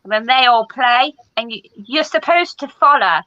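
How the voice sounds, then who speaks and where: A woman's voice: on the high side, animated, normal speed, pushed and bright, dry recording. A woman in a casual group chat on a video call, eagerly explaining what she found out. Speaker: participant in a livestream chat. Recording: dull lo-fi call audio.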